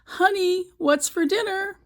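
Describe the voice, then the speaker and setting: A woman's voice: extremely high pitch, unhurried, pitched above the performer's own voice. A woman voicing an older husband calling out to his wife from across the house. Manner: calling out repeatedly.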